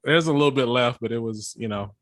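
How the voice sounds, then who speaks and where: A man in his thirties chatting easily on a casual podcast, with offhand swearing. His voice is at a plain middle pitch. The sound is close and dry. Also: fast talker, fairly bright tone, dry recording. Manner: laid-back, conversational, casual swearing. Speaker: podcast co-host. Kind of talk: casual chat.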